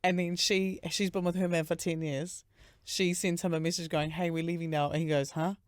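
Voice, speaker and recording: A man's voice: high voice, steady tone, moderate pace, clear, resonant tone, no room sound, clean studio sound. A young man, hosting a podcast and telling stories in casual chat, full of "like". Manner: chatty storyteller, heavy use of "like". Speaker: podcast host.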